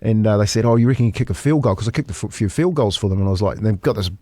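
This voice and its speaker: A man's voice: on the low side, very fast, no room sound. Laughing New Zealand man telling yarns. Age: 50s. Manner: animated yarn-spinner, laughs through his stories. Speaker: former rugby league coach, guest. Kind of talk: casual storytelling chat.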